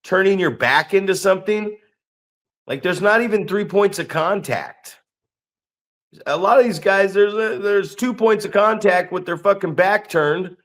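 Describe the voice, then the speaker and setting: A man's voice: sits high, a little slow, a bit bright. A man co-hosting a podcast and training wrestlers, telling stories in a blunt, profane way. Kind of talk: casual profane podcast chat.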